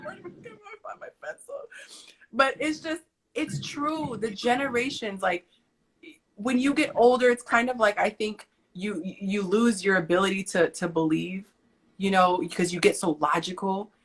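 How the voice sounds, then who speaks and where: A woman and mother talking casually about faith on a live stream, an animated storyteller who acts out the dialogue. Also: medium pitch, moderate pace, slightly rough. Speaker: guest, mother. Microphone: live stream call.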